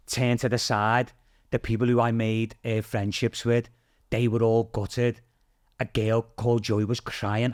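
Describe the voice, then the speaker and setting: A British man speaking as a podcast guest, with a voice pitched squarely in the middle of the male range. He tells his story animatedly, swears freely and acts out the other people in it. The recording is dry and close, with no room sound. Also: no room sound. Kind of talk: casual storytelling.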